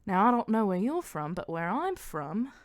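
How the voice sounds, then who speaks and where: A woman's voice: mid-range voice, very animated, normal speed, close to an everyday voice. A woman doing a brash Australian pirate woman. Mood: confiding. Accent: put-on Australian. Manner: crude, swearing, offhand.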